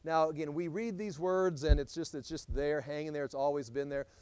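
A man leads a Bible study, his voice sitting a little high for a man and sounding close and dry. He teaches in an animated, conversational way, stumbling and restarting as he works through a verse. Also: fairly quick, clear, resonant tone, no echo. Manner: animated, acts out scripture quotes, frequent restarts.

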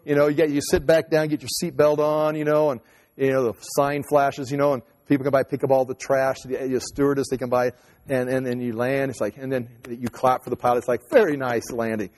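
A man's voice: mid-range voice, level tone, brisk, darkish tone, in a large hall. A man preaching a sermon as pastor, talking conversationally and joking at his own expense. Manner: conversational, self-mocking humor.

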